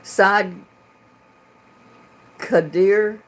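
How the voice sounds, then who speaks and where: A woman's voice: mid-range voice, steady tone, very slow. Woman, Southern drawl, casual livestream chat, frequent laughter, computer mic. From North Carolina. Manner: chatty, laughs often. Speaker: livestream host reading chat. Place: at home. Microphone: computer webcam mic.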